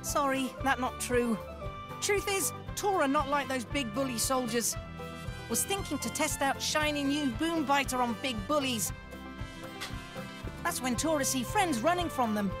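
A woman's voice: sits high, expressive, unhurried. A woman voicing a small, cheerful male creature inventor in a video game, talking in broken grammar. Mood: chirpy. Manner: broken grammar, skips little words, chirpy. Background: loud game music.

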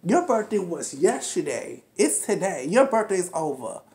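A brash, profane woman in her twenties rants her way through a recap of a TV episode, jabbing at the same points over and over. Her voice is low for a woman and unhurried, and the room echoes around her.

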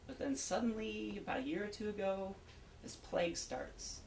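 A man's voice: high voice, animated, moderate pace, vocal fry, a little mellow. Chatty man introducing a play, from afar. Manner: chatty, storytelling, addresses the audience. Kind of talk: casual pre-show talk. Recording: roomy, distant, faint background hum.

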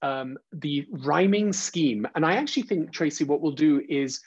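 A man's voice: on the high side, expressive, moderate pace, darkish tone, husky, dry recording. Man lecturing over a dull call line. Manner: frequent "uh" and "um", restarts; taps out rhythms aloud. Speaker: presenter leading a teacher training webinar. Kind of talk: informal online lecture. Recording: dull, dry, lo-fi video call audio.

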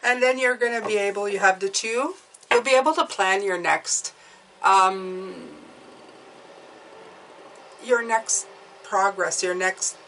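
A woman's voice: medium pitch, slow, pauses often, pushed and bright, recorded from a distance, a little hiss or hum, low-quality recording. Chatty woman giving a tarot reading. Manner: chatty and encouraging, often adding "okay?". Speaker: tarot reader. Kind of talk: intuitive tarot reading to viewers.

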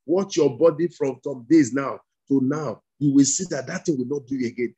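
A man's voice: medium pitch, normal speed, hardly any pauses, dark tone, breathy edge. A male pastor leading a fervent prayer sermon over a video call, repeating commands and breaking into tongues. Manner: commanding, repetitive declarations; speaks in tongues between prayers.

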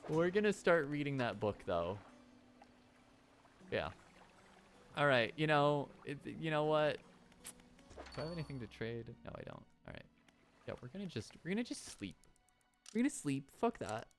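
Animated male game streamer. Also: mid-range voice. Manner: animated, swearing, chatting to viewers. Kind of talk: casual game-stream chat.

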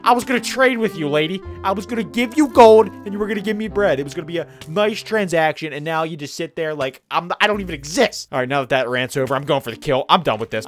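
A young man hosting a game video, excitable commentary that jumps from yelps to whispers. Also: a little high. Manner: excitable, yelps and shouts when attacked, drops to whispers when sneaking. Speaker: gaming channel host.

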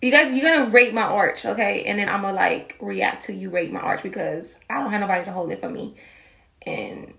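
A woman's voice: medium pitch, a little fast, vocal fry, sharp tone, echoey room. A young woman vlogging to camera in a sassy, playful way, calling her viewers honey. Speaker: YouTube vlogger. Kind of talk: casual chatty vlog to camera.

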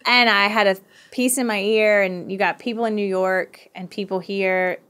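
A woman's voice: mid-range voice, steady tone, fairly bright tone, clean tone. Chatty Southern woman telling stories. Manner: chatty and laughing, quick-talking storyteller. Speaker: podcast guest. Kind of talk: casual conversational interview.

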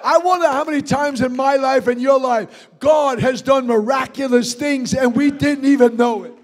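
Preacher, male, high voice, fervent shouting sermon in a church. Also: steady tone. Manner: fervent, shouting, quick asides to the congregation. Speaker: pastor.

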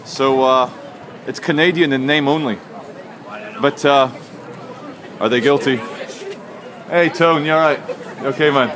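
A man's voice: medium pitch, steady tone, unhurried, pauses often, crowd noise. A man vlogging to camera on a city street, telling a story in a chatty, jokey way. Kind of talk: walking vlog to camera. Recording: faint street and traffic noise.

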